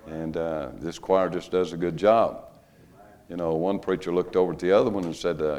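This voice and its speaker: An older man preaching a revival sermon in a church, folksy and joking, rising to loud emphatic stretches. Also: low voice, moderate pace. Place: church sanctuary.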